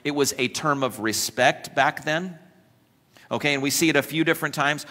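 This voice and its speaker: A pastor with a medium-pitched, pushed and bright voice preaches at a moderate pace, joking with his congregation and acting out quoted voices with humorous asides. He's in a church, and the recording carries the long reverb of the hall.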